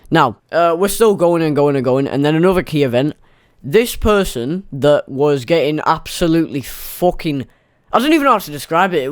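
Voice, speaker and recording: A man's voice: on the high side, no room sound, clean studio sound. A young man telling a rambling, sweary, self-mocking story in a casual storytime monologue.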